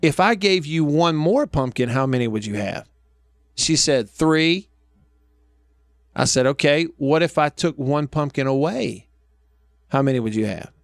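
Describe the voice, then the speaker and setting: A man's voice: on the high side, lively intonation, a little slow, long pauses, dry recording, studio quality. Man hosting radio, folksy storyteller. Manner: storytelling, folksy, laughs often. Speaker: radio show host. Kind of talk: casual radio talk.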